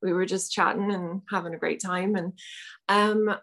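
A woman's voice: mid-range voice, steady tone, moderate pace, a bit bright. A young adult woman telling a personal story in casual chat, laughing often and restarting her sentences. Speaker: guest.

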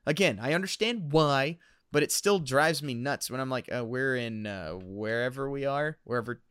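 A man co-hosting a casual podcast, ranting in an animated way and laughing at his own frustrations. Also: medium pitch, moderate pace, clear, resonant tone, no echo, studio quality. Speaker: podcast co-host.

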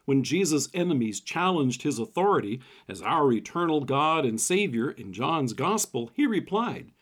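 A middle-aged man delivers a short devotional as a pastor. His voice sits a little high and moves up and down a lot. He speaks in a measured way and slows down when he reads scripture. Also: very animated. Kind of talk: devotional sermon.

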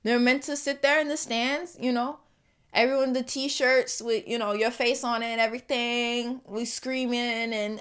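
A woman's voice: fairly high pitch, fairly even intonation, moderate pace, fairly bright tone, smooth. Caribbean woman musing on a solo podcast. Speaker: podcast host. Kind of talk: reflective solo podcast monologue.

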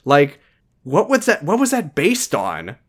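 A man's voice: on the high side, measured pace. A man co-hosting a podcast, casually retelling scenes in a dry, profane way. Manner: profane, deadpan storytelling. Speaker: podcast co-host recapping a show. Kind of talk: casual chat, retelling scenes with quoted lines.

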